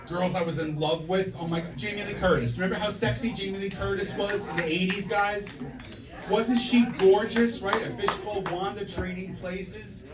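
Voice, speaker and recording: A man in his forties doing a brash, profane stand-up comedy set, telling punchy stories to the audience on a comedy club stage. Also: high voice. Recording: echoey club from a distance, audience laughter. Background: audience laughing.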